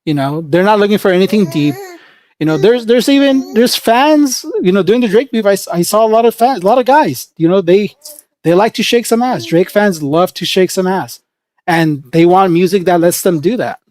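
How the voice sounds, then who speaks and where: A woman's voice: medium pitch, expressive, normal speed, a little mellow. A woman livestreaming in casual chat, rambling and opinionated, with lots of fillers.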